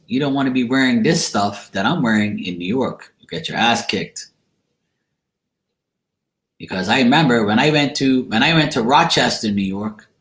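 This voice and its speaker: A man's voice: medium pitch, fairly bright tone. Rambling man telling a story in an echoey room. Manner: rambling, repeats and restarts, laughs while telling. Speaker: channel host. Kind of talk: casual storytelling. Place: room in a home.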